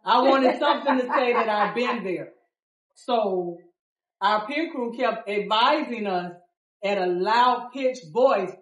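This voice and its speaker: A woman biker recounts her road trip to a small group, dramatic and full of acted-out quotes, dropping from loud to hushed. She sits at a distance from the mic, and the room rings around her. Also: on the high side, animated, takes it slowly, reverberant. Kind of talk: animated storytelling in a group interview.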